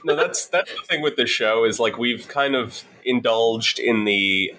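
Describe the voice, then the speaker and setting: A man guesting on a casual podcast, offering relaxed, reflective commentary full of hedging asides. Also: mid-range voice, a little slow, poor audio.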